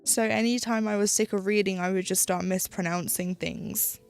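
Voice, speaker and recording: British woman streamer, casual and rambling, a little gravelly, with faint music behind her. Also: medium pitch, steady tone, moderate pace, darkish tone. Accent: British English. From United Kingdom. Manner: chatty, rambling, with frequent "like" and restarts. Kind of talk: casual chat while stitching on a live stream.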